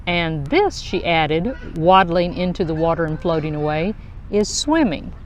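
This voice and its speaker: A woman's voice: lowish voice, expressive, measured pace, a little hiss or hum. A woman voicing a proud, doting mother duck in a children's storybook.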